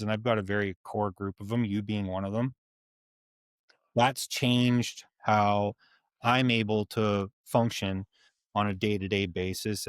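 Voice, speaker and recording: A man in his forties chats on a podcast with a low voice. He talks candidly and rambles, swearing freely. The sound is dry and close. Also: smooth, no room sound. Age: 40s. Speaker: podcast co-host. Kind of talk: casual chat.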